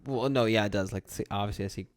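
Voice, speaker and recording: A man's voice: on the low side, fast talker, no room sound. Laid-back young man leading the chat. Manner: loose, laughing, steers the topics. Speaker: podcast co-host. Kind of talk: casual sports chat.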